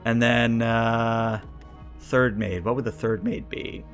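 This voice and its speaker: A man's voice: medium pitch, steady tone, takes it slowly, faint music behind. A man reviewing a tabletop role-playing book on a livestream. He reads entries aloud, riffs on each one and talks to his chat. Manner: thinks aloud, reads list entries then riffs on them; chatty, answers chat, frequent filler words and restarts. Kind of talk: casual livestream commentary.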